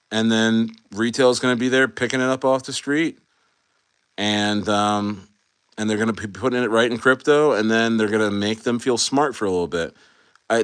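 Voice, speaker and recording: A man's voice: fairly low pitch, a bit bright, clear, resonant tone, no room sound, clean studio sound. An American man hosting a casual livestream, rambling and swearing freely, with many restarts. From United States. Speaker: livestream host.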